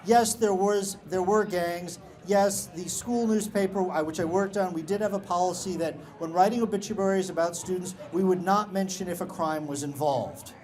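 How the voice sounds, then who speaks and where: A man's voice: sits high, normal speed, hardly any pauses, a little mellow, poor audio. A middle-aged man telling a personal story on stage, with a wry, self-deprecating sense of humor. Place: live show at a beach-bar venue.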